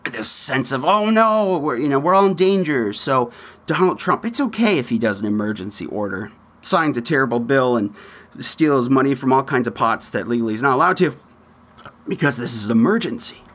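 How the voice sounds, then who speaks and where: Lively, animated male podcast host. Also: mid-range voice, fairly quick, slightly rough. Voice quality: animated, often laughing mid-sentence. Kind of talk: opinionated political commentary.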